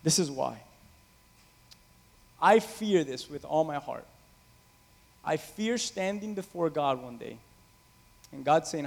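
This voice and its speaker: A man preaching a sermon as pastor, impassioned, swinging from loud calls to quiet asides. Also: a little high, animated, takes it slowly, vocal fry, pauses often. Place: church sanctuary. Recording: reverberant hall.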